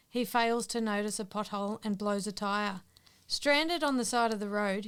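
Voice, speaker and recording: A woman podcast co-host telling a long joke story in a casual chat, teasing and quick to laugh. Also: a little high, fairly bright tone, smooth.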